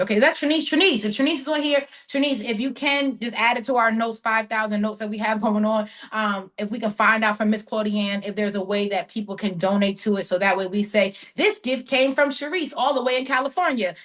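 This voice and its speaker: A woman coaching her team on a casual call, chatty and folksy, often shouting with excitement. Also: mid-range voice.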